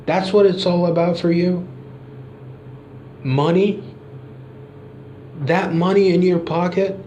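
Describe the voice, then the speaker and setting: A man voicing an indignant male wrestler who fires an accusing string of rhetorical questions at his boss, his pitch pushed up well above his own voice. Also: steady tone, slow, warm tone, roomy sound, dull audio, a little hiss or hum.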